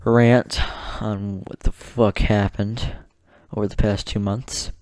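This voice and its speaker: A young man vlogging a casual rant to the camera, halting and out of breath, swearing and restarting his sentences. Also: lowish voice, level tone, a little mellow, no room sound, clean studio sound.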